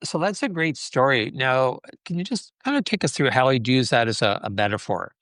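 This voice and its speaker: A man's voice: mid-range voice, animated, a little fast, a bit bright, no room sound, studio quality. A man hosting a podcast, asking his guest questions in a thoughtful, curious way. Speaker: podcast host. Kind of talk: interview questions.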